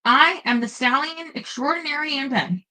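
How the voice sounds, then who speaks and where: A woman reader puts on a vain male night spirit who brags about his talents in a heavy German accent. The voice is raised, bright and self-satisfied, the pompous seducer of a storybook. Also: high-pitched, moderate pace, voice pushed up, low-quality recording. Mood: boastful. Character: cocky blond male incubus, vain seducer.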